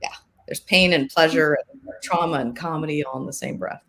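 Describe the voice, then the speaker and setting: Lower-pitched woman, animated storyteller. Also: brisk. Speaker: guest, humor and grief coach. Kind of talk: conversational interview.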